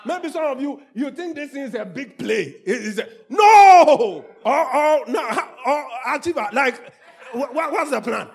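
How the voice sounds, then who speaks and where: A man preaching a sermon with passion, at times shouting and at times chanting prayers in repeated lines. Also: very high voice, sing-song, slow, slightly rough. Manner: impassioned preaching, rising to shouts, then repetitive prayer chanting. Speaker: pastor.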